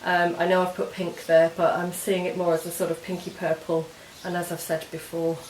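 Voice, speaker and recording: On a knitting podcast, a woman with a lowish, monotone voice talks a little quickly, casually walking through her projects step by step as she wanders from point to point. It's a relaxed show-and-tell chat, recorded in a roomy, echoing space with a faint hiss.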